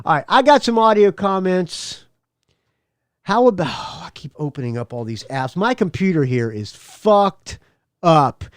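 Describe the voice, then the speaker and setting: Hosting a casual solo podcast, a man rambles and swears, laughing between his asides. His high, sing-song voice is unhurried, and the recording has no room sound.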